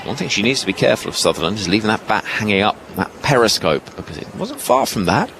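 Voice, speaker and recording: A man giving ball-by-ball cricket commentary from a ground's commentary box, lively and rising with each delivery. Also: lowish voice, quick pace. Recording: broadcast with loud ground noise behind.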